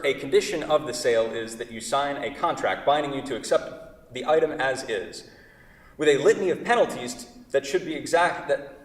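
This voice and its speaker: A man's voice: a little high, close to an everyday voice. A man reading the part of a fussy, prideful furniture maker at a staged play reading, prim and stubborn, sputtering through restarts. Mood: indignant. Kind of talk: staged play reading, one side of a phone call. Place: large indoor theater stage. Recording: echoey theater hall, mic far off.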